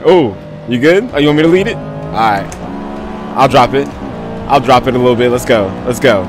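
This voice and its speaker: Over music, a man with a medium-pitched voice live-streams a driving game, talking slowly with long pauses. His casual commentary is hyped and slangy, with frequent thanks to viewers.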